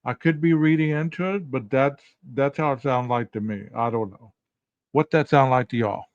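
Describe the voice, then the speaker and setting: A man's voice: mid-range voice, moderate pace, no echo, dull audio. A man hosting a casual commentary podcast, asking his listeners rhetorical questions directly. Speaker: podcast host.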